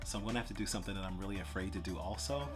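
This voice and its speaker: A man with a fairly low voice chats loosely and self-deprecatingly while he works with a plant. His talk is relaxed and homey. Music plays clearly underneath. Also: very fast. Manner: chatty, self-deprecating, with light laughs. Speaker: plant vlogger. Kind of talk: casual chat while potting a plant. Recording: background music.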